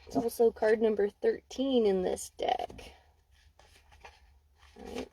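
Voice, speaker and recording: A young woman talks through a card reading in a loose, candid way, leaning hard on her points and swearing without hesitation. Her voice sits a little high yet sounds mellow and soft-edged. A dog barks somewhere behind her. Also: slow, creaky, slight background noise, poor audio. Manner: candid, swears freely, emphatic. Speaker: intuitive card reader. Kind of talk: casual spoken card reading. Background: dog barking.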